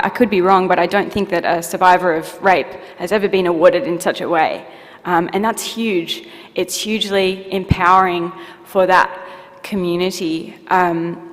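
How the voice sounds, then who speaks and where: A young woman with an Australian accent, an award recipient answering on stage in an earnest, halting way with many fillers. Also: lowish voice. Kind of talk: emotional on-stage interview. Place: ceremony hall. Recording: long echo of a hall.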